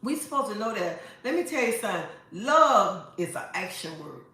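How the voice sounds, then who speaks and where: A woman lectures her viewers in an emphatic, preachy way, hammering her points home through repetition. Her voice is bright and forceful. It rings around a very echoey room. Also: medium pitch, very animated, normal speed. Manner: emphatic, preachy, repeats herself for effect. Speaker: live-stream host. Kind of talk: casual advice talk to viewers.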